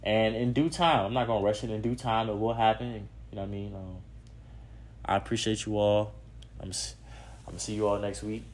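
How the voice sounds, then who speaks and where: A podcast host closing his episode in a relaxed casual way, repeating words and often asking "you know what I mean". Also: fairly low pitch, fairly quick.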